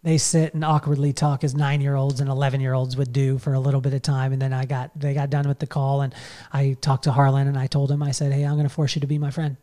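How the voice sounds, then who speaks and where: A man's voice: medium pitch, little pitch movement, fast, warm tone. A middle-aged man telling a long personal story in a casual, rambling way, full of fillers and restarts. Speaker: podcast host telling a story.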